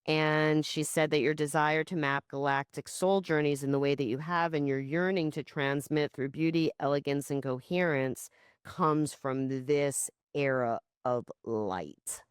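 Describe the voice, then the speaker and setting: Woman podcaster, low smooth voice, dry sound, chatty and a bit sweary. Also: a little slow, dry recording. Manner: animated storytelling, swears casually. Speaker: podcast co-host. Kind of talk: casual chat.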